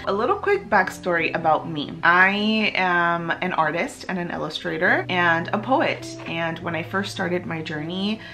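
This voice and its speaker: Woman, young adult, casual vlog, gushing, breathless excitement, soft background music. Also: fairly low pitch, measured pace, hardly any pauses. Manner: gushing and breathless, many gasps and nervous laughs. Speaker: author and book vlogger. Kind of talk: casual vlog talk to camera.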